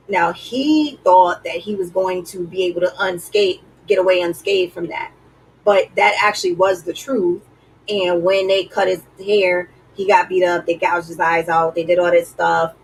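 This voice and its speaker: A woman's voice: on the low side, steady tone, moderate pace, distant mic, a little hiss or hum, rough recording. A woman vlogger giving earnest, preachy relationship advice in a casual way, with lots of "like".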